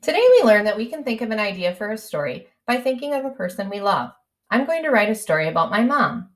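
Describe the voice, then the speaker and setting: A woman teacher models story writing for young children, stretching words into their sounds and letters and coaxing the kids to spell along. Her mid-range voice is sing-song, and she talks fast in this early-grade writing lesson.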